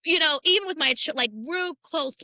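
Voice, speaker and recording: A woman with a high, bright voice tells her story as a podcast guest. She speaks earnestly and circles back on key phrases for weight. The sound is close and dry. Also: moderate pace, dry recording. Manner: earnest, repeats phrases for emphasis. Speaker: podcast guest, church builder. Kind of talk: candid personal testimony in conversation.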